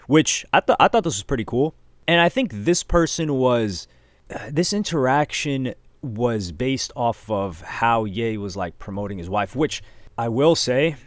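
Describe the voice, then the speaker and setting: Animated man doing casual commentary. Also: medium pitch, no room sound. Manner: animated, reads quotes aloud with emphasis. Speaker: commentary channel host.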